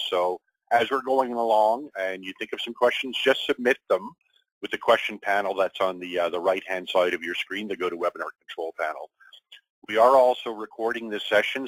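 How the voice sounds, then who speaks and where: Middle-aged man, low voice, webinar presenter, friendly, relaxed, fillers, dry close sound. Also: no room sound, poor audio.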